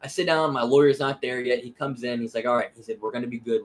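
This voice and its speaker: A man's voice: medium pitch, level tone, quick pace, few pauses. A young man casually telling a personal story, emotional and profane, often repeating "I said" and "you know what I mean.". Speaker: vlogger.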